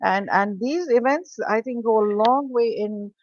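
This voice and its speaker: A woman's voice: fairly high pitch, moderate pace, slight background noise. Woman moderating a panel on a dull line. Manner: warm, appreciative, many fillers. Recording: dry, dull lo-fi sound.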